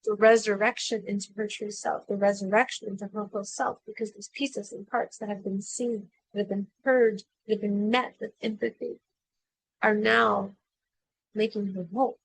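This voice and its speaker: A woman podcast host retelling an ancient myth in a dramatic, expressive way. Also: medium pitch, moderate pace, creaky, no room sound, rough recording. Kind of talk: storytelling a myth.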